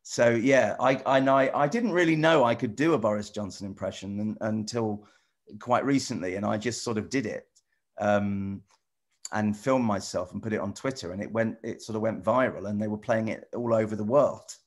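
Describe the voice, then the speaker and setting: A middle-aged man with a somewhat low voice chats with children over a video call. He rambles and halts, restarting his sentences again and again and padding them with "you know". The tone stays casual and friendly. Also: normal speed. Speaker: celebrity guest answering children's questions.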